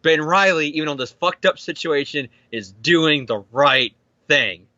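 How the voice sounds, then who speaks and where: A man on a podcast recapping a story in casual chat, animated, jumping into quick character voices and swearing. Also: fairly high pitch, no echo, lo-fi sound. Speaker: podcast co-host.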